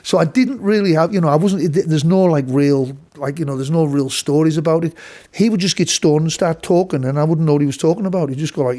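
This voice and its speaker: A man's voice: on the high side, fast, mellow. A man, a session guitarist from England, telling a studio story casually with many restarts and some swearing.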